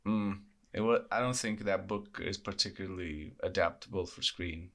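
Podcast co-host, man, low voice, jokey, stop-start delivery. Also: a bit bright. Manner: joking, halting with stammered restarts. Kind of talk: casual chat.

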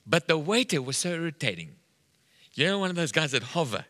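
A man's voice: fairly high pitch, very animated, fairly quick, bright, forceful tone. A middle-aged man preaching a sermon, telling a story and acting out the dialogue with animation. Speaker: pastor. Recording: long hall reverb.

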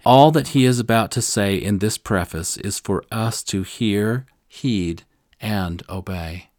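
An older man with a low voice tells a story with earnest, solemn weight. The sound is dry and close, with no room around it. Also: takes it slowly, a little mellow, no echo. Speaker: scripture teacher. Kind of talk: scripture discussion with personal story.

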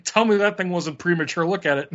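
A man hosting a casual podcast, loud and mocking, with frequent exclamations. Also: high voice. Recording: dull lo-fi sound.

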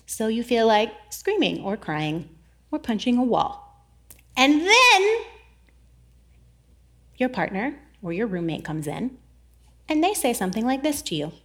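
A woman in her thirties giving a sermon-style talk, animated and laughing often, jittery from caffeine. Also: fairly high pitch, unhurried, pauses often. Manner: animated, laughs often, acts out quoted voices; jittery, says she is over-caffeinated. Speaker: speaker giving a faith talk.

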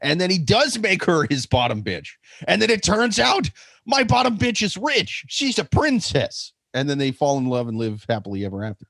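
A man's voice: fairly high pitch, huge pitch swings, normal speed, vocal fry, a bit bright, no room sound, studio quality. A man co-hosting a comedy podcast, riffing absurd crude scenarios with stammered restarts. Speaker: podcast co-host. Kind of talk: casual comedic banter.

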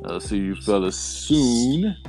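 A man's voice: mid-range voice, big pitch swings, takes it slowly, music in the background. A man hosting a podcast, chatting casually with a loose, profane, laid-back manner and a Southern US accent. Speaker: podcast host.

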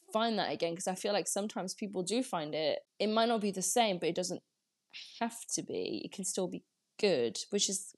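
A young woman, a podcast guest talking in a chatty, reflective way with lots of "like"s. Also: medium pitch. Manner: chatty and reflective, many fillers like "like". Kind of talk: casual conversational interview.

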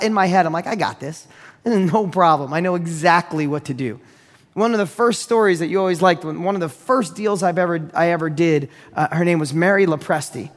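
A man giving a motivational business talk, telling a deal story in an energetic, direct, repetitive way. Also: sits high, long reverb tail. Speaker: real estate investor and business speaker.

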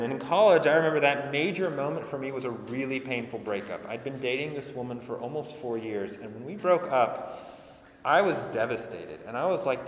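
A man's voice: medium pitch, fairly quick, slight background noise. A young man, a pastor, preaching a sermon in an earnest, conversational way and repeating phrases for emphasis. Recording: echoey hall with long reverb.

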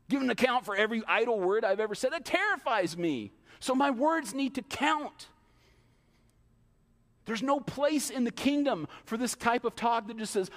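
A man preaches from the pulpit, his voice high and swinging widely in pitch. He talks fast and conversationally, slipping into mocking little impressions of other people. A long reverb trails after his words, as in a church sanctuary. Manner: animated preaching, mimics excuses in asides. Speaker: pastor. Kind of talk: sermon.

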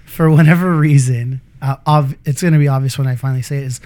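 A man's voice: mid-range voice, fairly even intonation, fast, a little mellow. A man co-hosting a casual film chat, loose and chatty. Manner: laughs easily, loose and chatty. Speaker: podcast co-host.

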